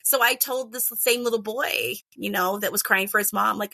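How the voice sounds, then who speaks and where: A woman's voice: mid-range voice, moderate pace, vocal fry, dry recording. A middle-aged woman, a kindergarten teacher, talking casually and animatedly as a podcast guest, with a lot of "like" in her speech. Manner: chatty, animated, heavy use of "like".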